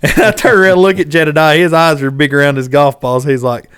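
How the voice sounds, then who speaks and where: A man, hosting a podcast and telling a fishing story in casual chat, animated and acting out what people shouted. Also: on the high side, fast, clean tone, no room sound, studio quality. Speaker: podcast host.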